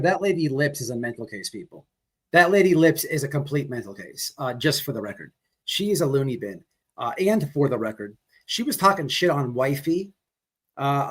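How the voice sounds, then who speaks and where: A man hosting a casual commentary show, talking bluntly and rambling into ranting asides. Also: fairly high pitch. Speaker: commentary host reacting to a livestream. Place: on a fast-food restaurant's wifi.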